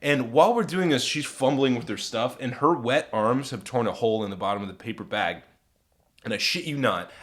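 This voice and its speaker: A young man tells a crude comic story on a podcast. He rambles and swears, with lots of "like" and restarts. His voice sits at an ordinary middle pitch for a man. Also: fairly bright tone. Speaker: podcast co-host.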